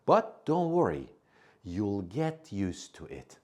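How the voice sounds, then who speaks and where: A man's voice: lowish voice, huge pitch swings, slow pace, dark tone, heavily acted. A man reading example dialogue lines for a woman friend who comforts and reassures. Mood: reassuring.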